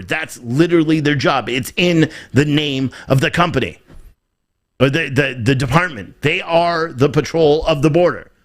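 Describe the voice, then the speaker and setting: Emphatic, rambling American commentator man. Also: a little high. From United States. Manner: emphatic and repetitive, hammering points with rhetorical questions; rambling, with frequent restarts. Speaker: political commentator streaming live. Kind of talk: off-the-cuff commentary reacting to viewer chat.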